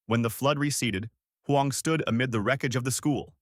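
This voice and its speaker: A man narrating a story in a measured, solemn way. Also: medium pitch, dry recording, clean studio sound.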